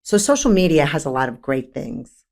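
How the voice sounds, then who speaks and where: A frank, animated woman in her fifties with a New York accent talks openly as an interview guest. Her voice sits very low for a woman. She laughs easily and piles up emphatic lists as she goes. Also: normal speed. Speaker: podcast guest, therapist. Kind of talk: candid conversational interview.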